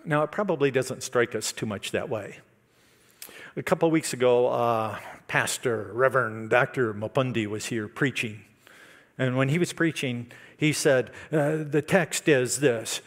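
A male pastor preaching a sermon, building to loud, emphatic declarations. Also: medium pitch, measured pace. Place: church service.

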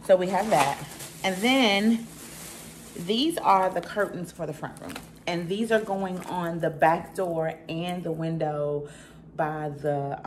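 Speaking straight to her viewers, a middle-aged Southern US woman with a notably low voice narrates a home haul vlog. She sounds chatty and emphatic, and a faint hum runs in the background.

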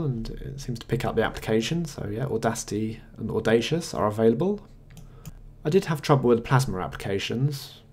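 A man narrating a screencast software review in a matter-of-fact, conversational way, pausing now and then with small hesitations while working at his desktop computer mic. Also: on the low side, husky. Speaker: tech reviewer.

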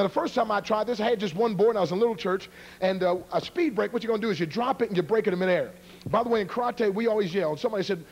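A middle-aged man, an evangelist, joking and teasing a live church audience before a karate demonstration. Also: high-pitched. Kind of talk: humorous sermon introduction to a live congregation.

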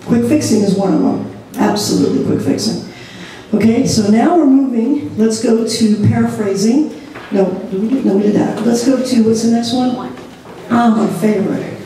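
Animated woman teaching in an echoey room. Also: a little high, moderate pace. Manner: animated, laughing, acts out examples. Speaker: ministry group leader trainer. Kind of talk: church training session. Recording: echoey room, mic far off.

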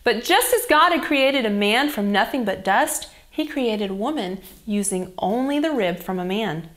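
A young woman reading a Bible story to children as a children's church teacher, in a gentle and expressive storytelling manner. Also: mid-range voice, moderate pace.

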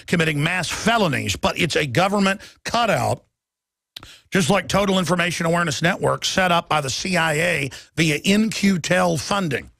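A man hosting a political talk radio show, delivering a heated, emphatic monologue with sudden loud bursts. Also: fairly high pitch, vocal fry, no room sound, clean studio sound. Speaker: radio and web show host.

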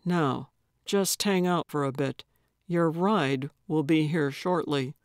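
A woman's voice: low voice, slow pace, no echo, clean studio sound. A woman voicing a stern, terse male secret agent who speaks in curt commands.

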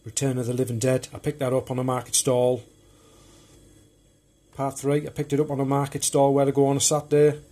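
A man's voice: medium pitch, completely flat delivery, fairly quick, mellow. A man casually showing off his film collection on video, chatty and rambling as he talks. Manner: rambling and chatty, loose and unpolished. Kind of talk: casual show-and-tell of home video collection.

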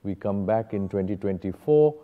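A man's voice: fairly low pitch, moderate pace, narrow, tinny audio. Older Indian man telling stories in a hall. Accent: Indian English. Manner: animated storyteller, acts out dialogue, mixes in Hindi phrases. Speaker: guest artist speaking to students. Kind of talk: storytelling talk. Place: art gallery. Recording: reverberant hall.

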